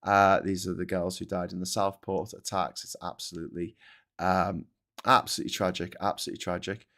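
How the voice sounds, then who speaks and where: A man's voice: sits low, level tone, a little fast, fairly bright tone. A middle-aged man hosting a casual morning show, reviewing headlines in a sweary, sarcastic and openly vexed way. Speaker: host. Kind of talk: casual commentary on newspaper headlines.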